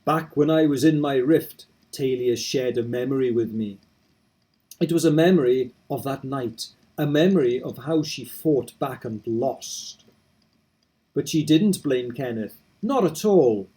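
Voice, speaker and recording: A man reading aloud in his own voice as a determined young game hero, steady and earnest. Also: mid-range voice, unhurried, slightly rough, low-quality recording. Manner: steady, earnest narration of resolve.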